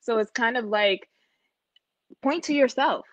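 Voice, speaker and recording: A young adult woman co-hosting a casual podcast chat, talking in an animated, emphatic way with sudden rises in pitch. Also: measured pace, dry recording, muffled recording. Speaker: podcast co-host.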